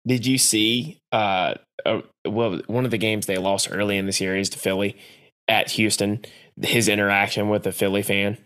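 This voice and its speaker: A man hosting a podcast who tells stories with energy and laughs often. His voice sits on the low side, and his talk is relaxed and chatty. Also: normal speed. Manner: laughs often, animated storytelling. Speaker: podcast host. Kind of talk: casual chat.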